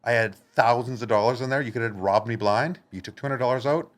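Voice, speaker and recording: A man voicing a calm, businesslike male drug gangster in a retold story, in a matter-of-fact tone. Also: mid-range voice, quick pace, lightly acted.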